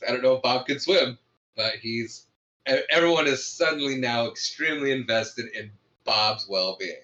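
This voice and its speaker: A man's voice: mid-range voice, normal speed, pushed and bright, highs cut off. A man co-hosting a podcast, casually recapping a comedy film's plot and chuckling often. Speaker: podcast co-host. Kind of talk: casual movie review chat.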